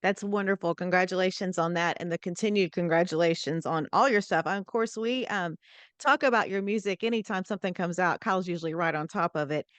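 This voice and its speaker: A woman's voice: fairly low pitch, a little fast, no echo. A woman hosting a podcast interview, encouraging and congratulatory toward her guest. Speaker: podcast host. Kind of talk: casual interview chat.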